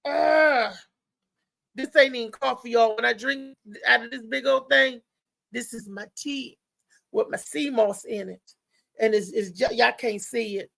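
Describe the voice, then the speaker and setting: A woman's voice: a little high, fairly even intonation, moderate pace, gravelly, a bit bright, dry recording, poor audio. A woman hosting a live show, chatting loosely and talking straight to her viewers. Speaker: host. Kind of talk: casual live show chat.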